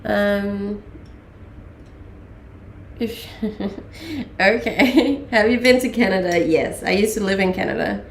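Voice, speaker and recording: A Danish woman in her late twenties reads live chat and talks casually on a stream, her accent mixing Danish and English, with lots of ums and laughs. Her mid-range voice goes slowly with frequent pauses, sounding reverberant with a little hiss or hum.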